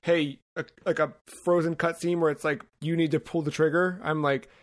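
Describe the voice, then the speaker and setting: Slightly high-voiced man with wry asides. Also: level tone, normal speed, no echo, clean studio sound. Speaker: podcast co-host. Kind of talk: casual podcast chat.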